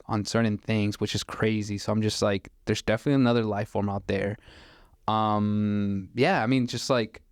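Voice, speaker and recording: A man's voice: on the low side, clear, resonant tone, no echo, studio quality. A young man in his twenties on a podcast, telling stories in a loose, rambling way with plenty of "like" fillers. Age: 20s. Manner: rambling, filler-heavy storytelling with many "like"s. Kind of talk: casual podcast chat.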